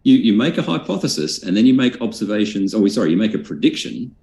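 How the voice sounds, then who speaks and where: A man's voice: on the low side, big pitch swings, quick pace, creaky, dark tone, roomy sound. A man debating, argumentative and precise, sometimes sarcastic. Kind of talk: heated debate.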